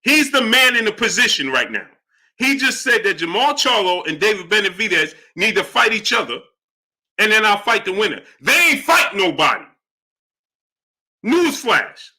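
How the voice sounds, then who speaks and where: A man's voice: high-pitched, sing-song, brisk, bright, forceful tone. A middle-aged man hosting a live boxing talk stream, reading chat messages and repeating himself in exasperation. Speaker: boxing talk show host. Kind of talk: live-stream commentary reading super chats.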